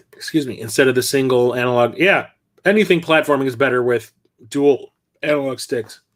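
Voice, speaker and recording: A man hosting a casual livestream, rambling and correcting himself as he talks, quick to laugh. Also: medium pitch. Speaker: livestream host. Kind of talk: casual livestream chat about his game collection.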